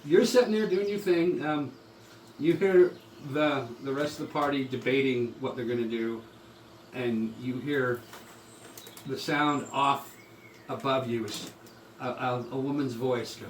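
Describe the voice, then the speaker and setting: A man narrating as game master, relaxed and halting, with frequent pauses. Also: medium pitch. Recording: distant, echoey room with loud background noise.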